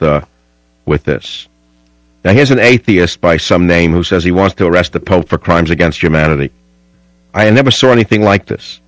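A man's voice: sits low, dry recording, poor audio. A man hosting a talk radio show, rambling and combative in a studio.

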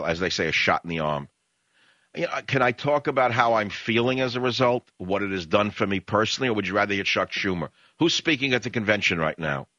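Animated, ranting male radio host. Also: on the low side, no echo, dull audio. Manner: combative, ranting, rhetorical questions. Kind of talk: opinionated radio monologue.

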